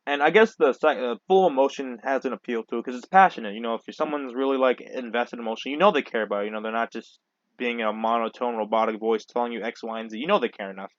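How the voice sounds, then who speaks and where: A man's voice: medium pitch, quick pace, no echo, dull audio. A young man talking to camera in a casual, profane, rambling monologue, full of restarts and fillers. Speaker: vlogger.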